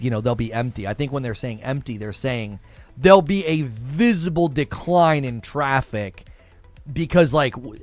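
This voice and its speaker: A man hosting a casual livestream, chatting about news and reading viewer messages in an animated way, laughing often. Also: medium pitch, dry recording. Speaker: livestream host.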